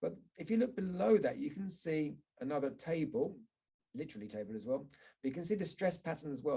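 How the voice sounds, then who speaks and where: A man with a gravelly, slightly husky voice explains word stress as an English teacher. He talks in a measured, step-by-step way, pausing to model example words. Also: on the high side, lively intonation, warm tone. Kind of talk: explanatory teaching talk over slides.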